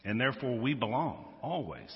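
A Louisiana pastor preaches a sermon in a relaxed, conversational manner, coloring his animated stories as his energy rises and falls. His mid-range voice moves at normal speed and carries a long reverb from a large sanctuary, with slightly muffled sound like a live-stream feed.

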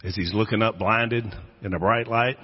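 A man's voice: lowish voice, steady tone, normal speed. A male pastor giving a sermon, telling Bible stories dramatically and acting out the voices in them. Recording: echoey hall, dull lo-fi sound.

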